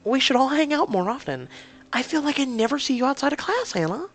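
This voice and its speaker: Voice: high voice, sing-song, fairly quick, fairly bright tone, soft background music, pitched above the performer's own voice, full character voice. A reader voicing an outgoing, chatty young college woman in a story game, bubbly and eager.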